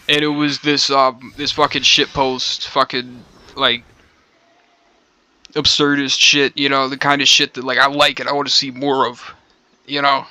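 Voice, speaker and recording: A man streaming while he chats, his voice very bright and sharp, with a roughness that smoking has left in it. He rambles loosely, swears freely and ends his sentences with a drawled "bro." The pitch sits in an everyday middle range. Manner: rambling, profane, slangy, calls listener bro. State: hoarse from smoking. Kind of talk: casual stream chat.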